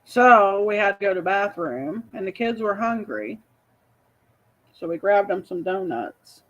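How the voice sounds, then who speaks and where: A woman's voice: medium pitch, expressive, measured pace, a bit bright. An older woman hosting a casual morning livestream, reading chat messages aloud and telling rambling family stories. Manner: rambling, chatty storytelling with fillers. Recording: slightly dull lo-fi audio.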